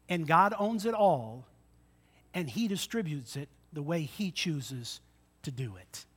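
Bright, high-voiced male pastor preaching. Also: husky. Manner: dramatic retellings with shifting loudness; rhetorical questions to the congregation. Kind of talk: sermon.

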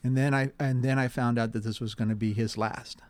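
A man who acts in community theater, relaxed and thoughtful in an interview. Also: mid-range voice, a little fast, no room sound. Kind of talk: casual interview.

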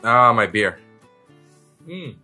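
Man, podcast host, has a cold, joking casual chat, bright tone. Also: mid-range voice, very animated, drawn-out words, soft background music. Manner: loose, joking, chatty.

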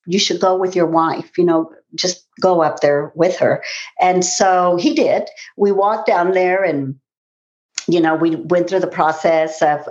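A woman in her forties telling a personal story in an interview, earnest and rambling, with many fillers and restarts. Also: on the low side. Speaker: interview guest. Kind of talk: personal testimony in conversation. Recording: dull lo-fi sound.

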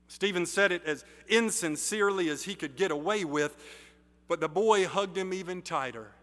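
A male pastor preaching a sermon in slow, deliberate phrases with emphatic pauses, in a church sanctuary. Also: on the high side, a bit bright. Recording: reverberant sanctuary hall.

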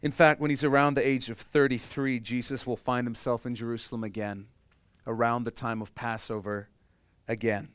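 A man preaching a sermon in a conversational way, moving between quiet, hushed stretches and loud, animated ones. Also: medium pitch, normal speed, smooth, no room sound. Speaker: pastor.

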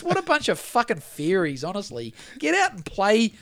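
A man's voice: high voice, wildly swooping pitch, normal speed, hardly any pauses, a bit bright. A man with a New Zealand accent, co-hosting a podcast in a heated, profane rant. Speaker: podcast co-host.

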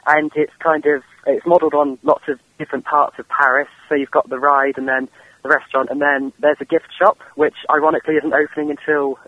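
A man's voice: on the high side, level tone, a little fast. A young man in his twenties from England with an English accent, calling in to a show and chatting eagerly in long run-on sentences. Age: 20s. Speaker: caller. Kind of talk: casual call-in chat. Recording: muffled phone line.

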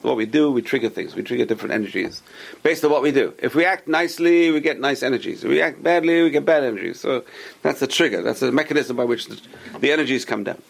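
A man's voice: medium pitch, quick pace, creaky. A man teaching a casual Torah lesson, explaining step by step and answering his own questions. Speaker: rabbi teaching a class.

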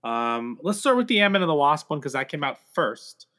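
A man's voice: on the high side, very animated, normal speed, sharp tone. Upbeat man co-hosting a podcast. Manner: upbeat reading of show promos, then loose chat with many fillers. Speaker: podcast co-host. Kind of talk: casual chat.

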